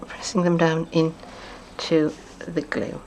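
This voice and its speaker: A woman's voice: low voice, little pitch movement, slow pace, a little mellow, slight background noise. A woman demonstrating card making in a casual craft tutorial, chatty and thinking aloud with playful asides. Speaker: papercraft demonstrator.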